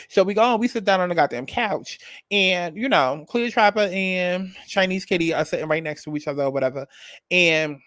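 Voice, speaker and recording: A man hosting a casual storytime, recapping a reality show in an animated, sassy, profane way. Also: on the high side, dry recording, studio quality. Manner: animated, sassy, profane gossip with quoted asides. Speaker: storytime host.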